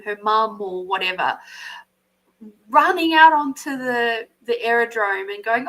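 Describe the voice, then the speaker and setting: An Australian woman hosting a live card reading, animated, swearing freely and laughing often. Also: a little high, a little slow, low-quality recording. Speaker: intuitive card reader, podcast host.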